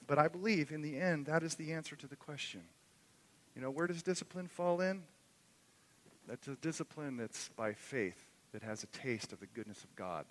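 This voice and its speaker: A man preaching a sermon in earnest, swelling loud on key phrases and then dropping soft. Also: fairly high pitch, animated, moderate pace. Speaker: pastor. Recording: long echo of a hall.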